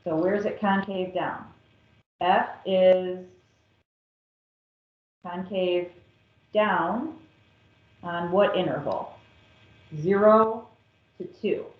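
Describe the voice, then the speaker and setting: A woman math teacher working through a calculus problem step by step, patient and methodical. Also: lowish voice. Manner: slow, patient, step-by-step explaining. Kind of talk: recorded calculus lesson. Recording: echoey, dull lo-fi classroom recording.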